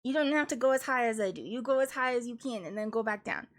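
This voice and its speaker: A young woman streamer and classical singer chatting casually and jokingly while doing vocal warm-ups. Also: a little high, fast. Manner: joking, self-deprecating, chatty.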